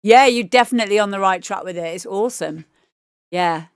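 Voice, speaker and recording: A woman's voice: mid-range voice, a little fast, smooth, dry recording, clean studio sound. A woman DJ chatting casually and enthusiastically on a livestream as she reviews listeners' demo tracks, swearing now and then. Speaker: DJ giving feedback on listener demos.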